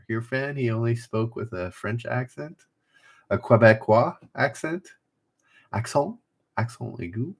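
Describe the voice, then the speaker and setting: A man's voice: medium pitch, animated, unhurried, vocal fry, breathy edge. A man hosting a casual trivia livestream, reading each clue twice and joking with the chat. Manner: chatty, reads clues twice, jokes with chat.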